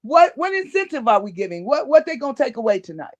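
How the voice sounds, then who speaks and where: A woman's voice: high voice, very animated, fast. A woman in a podcast discussion, talking bluntly and repeating her points for emphasis. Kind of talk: casual discussion. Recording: dull lo-fi sound.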